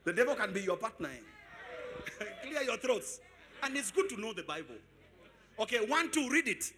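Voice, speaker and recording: A man preaching a sermon as pastor, asking the congregation questions and swelling into sung shouts. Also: high-pitched, sing-song, normal speed, long pauses. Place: church service.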